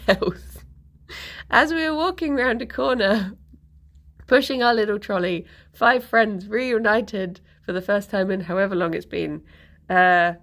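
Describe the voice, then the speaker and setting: Slow, rambling woman streamer. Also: medium pitch. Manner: rambling, laughs often, self-correcting. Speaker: live streamer. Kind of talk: casual storytelling to a live chat.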